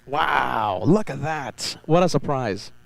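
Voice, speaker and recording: A man's voice: mid-range voice, expressive, slow pace, creaky, no room sound, rough recording. Upbeat man hosting a live stream. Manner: upbeat, repeats phrases, reads chat aloud. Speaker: livestream host. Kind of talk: live spotting stream commentary. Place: outdoors at a beach.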